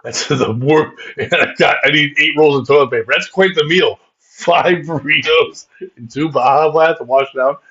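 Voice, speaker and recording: A man with a fairly high speaking pitch rambles through a profane comedy bit as podcast host, laughing as he goes. The sound is dull and lo-fi. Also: moderate pace, fairly bright tone, breathy edge. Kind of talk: casual comedic chat.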